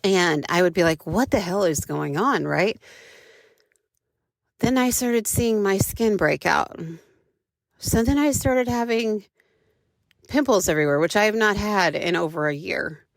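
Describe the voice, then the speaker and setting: A woman's voice: medium pitch, expressive, a little slow, pauses often, dry recording, studio quality. A woman, likely in her thirties, hosting a podcast and telling a personal story in a frank, chatty way, with many fillers and casual swearing. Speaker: podcast host.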